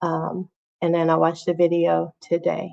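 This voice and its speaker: A woman's voice: fairly low pitch, monotone, a little slow, creaky, darkish tone. A woman hosting her own livestream from home, chatting casually and directly with her viewers. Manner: chatty, talks straight to viewers as "y'all". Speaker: channel host. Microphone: phone or webcam on a livestream. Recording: dull, lo-fi livestream audio.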